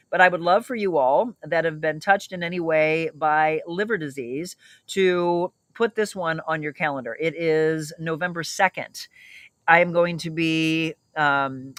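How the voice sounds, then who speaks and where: A woman's voice: sits low, fairly bright tone, no echo. A middle-aged woman hosting a casual livestream, chatting upbeat and reading out viewer comments. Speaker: livestream host.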